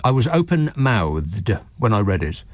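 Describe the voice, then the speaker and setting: Sarky radio host guy, swoopy animated delivery, laughs at his own gags. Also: lowish voice, unhurried, no room sound. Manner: sardonic, mocking, chuckles at his own jokes. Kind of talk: late-night talk radio monologue.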